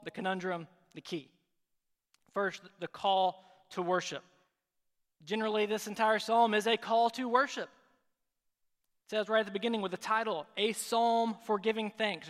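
A man's voice: high voice, fairly bright tone. A man preaching a sermon as pastor, conversational and joking now and then. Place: large church sanctuary. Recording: reverberant hall.

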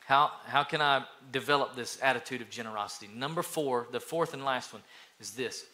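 Bright-voiced man preaching a sermon. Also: medium pitch, a little fast. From East Tennessee. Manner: storytelling, acts out children's voices, lively. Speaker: pastor.

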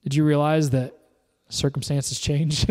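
High-voiced pastor in a reverberant hall. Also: male voice, flat delivery, measured pace, darkish tone. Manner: earnest, repeats phrases, builds to emphatic exhortation. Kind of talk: sermon. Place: church service, filmed. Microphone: camera.

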